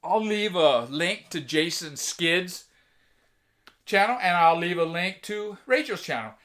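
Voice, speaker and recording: A relaxed man with a fairly high voice talks loosely through his record collection, cracking offhand jokes as he goes. His delivery is casual and unpolished, like a chat with friends. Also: a little slow. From United States. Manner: laid-back, chatty, offhand jokes. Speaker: vinyl collector vlogger. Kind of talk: casual record show-and-tell.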